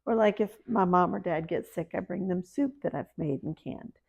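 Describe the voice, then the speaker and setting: This homesteading vlogger is a middle-aged Deep South woman talking easily to the camera about her land and her faith, often laughing at herself. She speaks at a normal speed with vocal fry, a slightly mellow and breathy quality, and the audio sounds dull.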